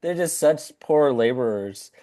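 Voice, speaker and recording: A man's voice: medium pitch, lively intonation, unhurried, dark tone, poor audio. A man co-hosting a podcast in casual chat, agreeing easily, laughing along and telling anecdotes. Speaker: podcast co-host.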